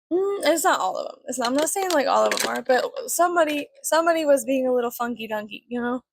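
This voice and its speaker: A woman chats through a personal story while doing her makeup, rambling and swearing as she goes. Her voice sits a little high with a gravelly fry. The sound is dry and close. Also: expressive, fast, few pauses, no room sound. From Mexican family. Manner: chatty, swears often, filler-heavy, rambling. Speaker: vlogger.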